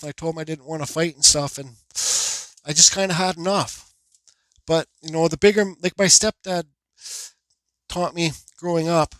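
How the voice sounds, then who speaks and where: A man who carves wood tells a personal story in rambling, casual fashion, swearing freely and restarting his sentences. His voice sits a little high for a man. The sound is dry and close, with no room echo. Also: bright, forceful tone. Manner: blunt, profane, rambling with restarts. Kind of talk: casual storytelling while carving.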